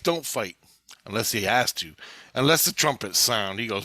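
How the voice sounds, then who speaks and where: A half-awake man rambling through a profane, casual story, quoting others in quick asides. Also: lowish voice, expressive, bright, forceful tone, dry recording, clean studio sound. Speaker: video maker. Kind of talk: casual chat.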